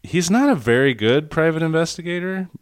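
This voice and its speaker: A man in casual podcast chat, mocking a movie with animated, profane retelling and frequent laughter. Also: on the high side, brisk, clean tone, no echo, clean studio sound.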